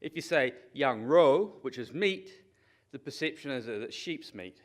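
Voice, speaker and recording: A middle-aged man giving a lively, conversational conference talk and often checking in with the audience. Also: medium pitch, moderate pace. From New Zealand. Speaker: conference speaker. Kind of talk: conference presentation.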